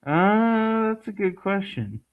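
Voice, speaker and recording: A man's voice: sits high, big pitch swings, takes it slowly, smooth. Laid-back man, dull lo-fi sound. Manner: laid-back, joking, many fillers. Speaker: podcast co-host. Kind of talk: casual movie chat.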